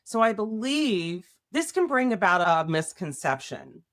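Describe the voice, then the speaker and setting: A woman's voice: medium pitch, sing-song, unhurried, a bit bright. A woman hosting a podcast, explaining ideas casually with workplace examples and often checking in with "right?". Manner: conversational, tags points with "right?". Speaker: podcast host.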